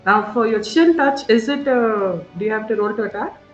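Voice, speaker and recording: A game master narrating a tabletop game with vivid, halting description, full of fillers and restarts. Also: mid-range voice. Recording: roomy, dull sound, faint music.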